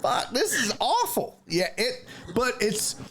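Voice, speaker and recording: Comedic male host, lively and loose, swears freely, faint noise underneath. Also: very high voice, takes it slowly. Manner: laughing, animated, swears freely. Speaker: podcast host and stand-up comedian. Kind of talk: casual interview chat.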